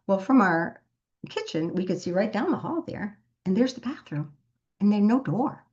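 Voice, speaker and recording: A woman's voice: medium pitch, dull audio. A woman giving an earnest motivational talk as a business team leader, telling stories and repeating words for emphasis.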